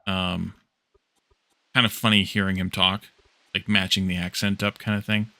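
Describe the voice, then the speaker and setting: Gravelly and low, this man speaks at a moderate pace during a relaxed stream of a building game. He narrates his thoughts while crafting and chats back with viewers.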